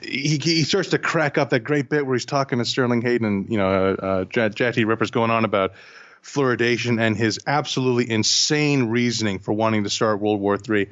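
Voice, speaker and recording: A man's voice: mid-range voice, brisk, fairly bright tone. Fields: Sex: man. Role: podcast co-host. Style: casual film review chat. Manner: enthusiastic, stumbling restarts. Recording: dull, lo-fi. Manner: enthusiastic, repeats words as he thinks.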